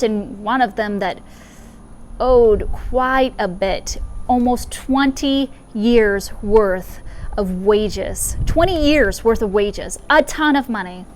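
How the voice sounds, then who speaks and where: A woman chaplain giving a spoken meditation, retelling a parable in a conversational way with personal asides. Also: on the high side.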